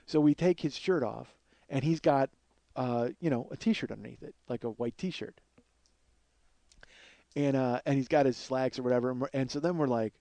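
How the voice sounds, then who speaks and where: A man telling a comic story from his youth in a rambling, animated way, full of fillers and acted-out quotes. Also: medium pitch, normal speed, dry recording. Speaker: comedian host.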